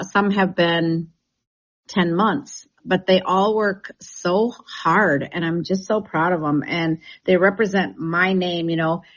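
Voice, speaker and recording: A woman's voice: on the low side, dull audio. A woman who leads a real estate team, talking in a chatty, enthusiastic way with many restarts in a radio interview.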